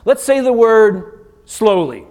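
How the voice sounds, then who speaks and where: A man giving an interactive keynote as a communication coach, energetic and firing quick commands at the audience. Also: sits high. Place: conference stage in a large hotel venue.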